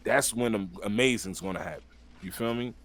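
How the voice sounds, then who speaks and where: A man's voice: mid-range voice, a little fast, fairly bright tone, a little hiss or hum. A middle-aged man from Long Island, New York, telling stories as an interview guest in a laid-back, slangy way, talking over a video call. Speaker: guest, battle rapper. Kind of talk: casual storytelling interview.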